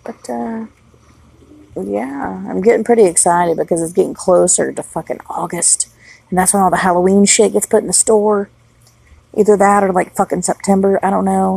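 Very husky, gravelly-voiced profane mom. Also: female voice, mid-range voice, moderate pace, mellow, poor audio. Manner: blunt, heavily profane rambling talk. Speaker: mother of young children. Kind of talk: casual solo vlog monologue. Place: outdoors at night.

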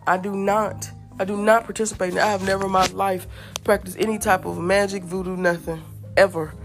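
Blunt woman telling stories, faint music. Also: mid-range voice. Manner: blunt, candid storytelling, repeats "I'm telling y'all". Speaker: podcast host. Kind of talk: casual monologue.

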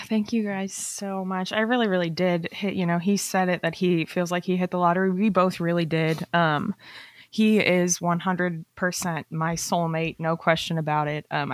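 A woman's voice: lowish voice, no echo. A woman co-hosting a casual podcast, gushing and breathless, often laughing. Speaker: podcast co-host. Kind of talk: casual chat.

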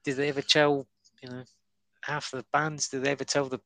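A man's voice: mid-range voice, little pitch movement, a little fast, sharp tone, no echo. A man, a stand-up comedian, chatting as a guest over an online call, rambling with lots of fillers and restarts and chuckling as he goes. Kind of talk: casual interview chat. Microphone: online call app.

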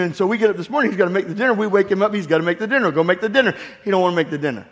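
High-voiced man preaching in a reverberant hall. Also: racing, hardly any pauses. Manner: call-and-response preaching with humorous family stories. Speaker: pastor. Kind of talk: sermon. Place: church sanctuary.

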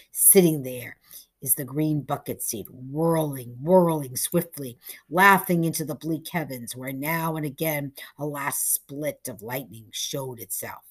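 A woman reading a short story aloud in a measured, hushed storytelling manner. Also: very deep voice, slightly rough. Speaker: narrator.

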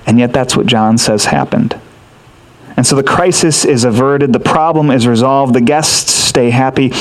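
A man's voice: mid-range voice, rough recording. A man preaching a sermon, explaining a scripture passage in an earnest, teaching way with rhetorical questions. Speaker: pastor.

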